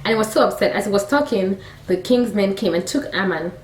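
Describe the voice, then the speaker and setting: A Nigerian woman retells a Bible story casually and with animation, dropping in chatty, laughing asides. Her voice sits at a middling pitch. The recording sounds roomy, with the mic some way from her. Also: lively intonation, brisk, distant mic, slight background noise. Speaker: faith storyteller, vlogger.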